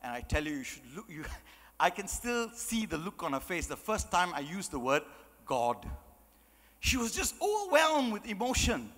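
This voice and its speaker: A man telling a personal story in a motivational talk, acting out the dialogue with animated energy. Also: high-pitched, moderate pace. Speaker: speaker. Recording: long hall reverb.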